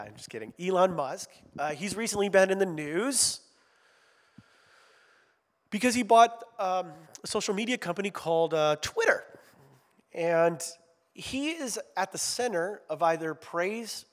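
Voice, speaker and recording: A man preaching a conversational sermon as a pastor, chatty and self-deprecating, with joking asides. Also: on the high side. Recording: long reverb of a large hall.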